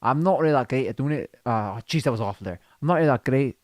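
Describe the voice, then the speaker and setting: A man's voice: mid-range voice, animated, racing, a little mellow. An Irish man, a member of a folk band, chatting casually on a livestream in a self-deprecating, hesitant way.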